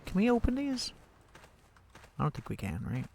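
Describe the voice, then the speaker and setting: A man's voice: high-pitched, huge pitch swings, normal speed, vocal fry, darkish tone, a little hiss or hum. A man streaming a game, thinking aloud in casual commentary with wry, sarcastic asides.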